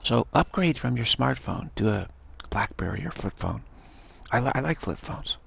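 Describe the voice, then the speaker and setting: A man's voice: mid-range voice, expressive, normal speed, vocal fry, a bit bright, breathy edge. A man giving an informal spiritual talk in a rambling, playful way, often repeating himself. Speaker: spiritual teacher.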